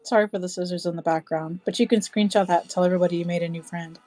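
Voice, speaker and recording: A woman's voice: fairly low pitch, steady tone, racing, darkish tone, no echo, faint music behind. A woman chatting casually on a live craft stream, cooing and squealing with delight as she works. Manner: bubbly, coos and squeals over her craft.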